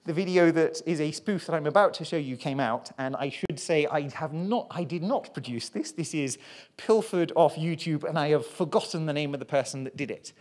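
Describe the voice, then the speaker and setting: A presenter giving a public science talk at a live pub event, chatty, rambling and self-deprecating. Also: medium pitch.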